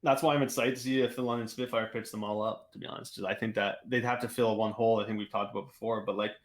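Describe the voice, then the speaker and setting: A young man co-hosting a casual gaming podcast, talking in excited, rambling bursts full of "like" and restarts. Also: lowish voice, fast talker. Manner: excitable, rambling, heavy use of "like". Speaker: podcast co-host. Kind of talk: casual esports podcast chat.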